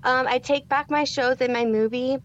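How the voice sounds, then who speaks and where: A woman's voice: high voice, steady tone, normal speed, highs cut off, slight background noise. A woman in her thirties co-hosting a podcast, chatting animatedly and acting out her own reactions. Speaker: podcast co-host. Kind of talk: casual chat.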